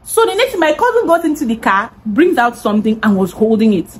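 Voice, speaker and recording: A young woman with a Nigerian accent telling an animated storytime vlog, laughing and swearing as she goes. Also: fairly high pitch, fast talker, husky. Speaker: vlogger.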